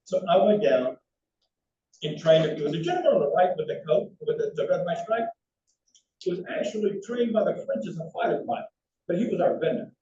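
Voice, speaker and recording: A man's voice: high voice, a little fast, slight background noise. Older guy giving a talk, swoopy storytelling voice, sounds far off in a roomy hall. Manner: animated anecdotal storytelling with frequent restarts. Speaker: lecturer. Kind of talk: storytelling lecture with slides. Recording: roomy, distant, dull hall recording.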